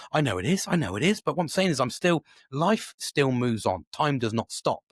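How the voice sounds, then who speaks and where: A man's voice: mid-range voice, lively intonation, a little fast, hardly any pauses, no echo, clean studio sound. A man, a podcast host talking alone in a casual, rambling way with lots of swearing and restarts. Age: 40s. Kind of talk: casual solo monologue.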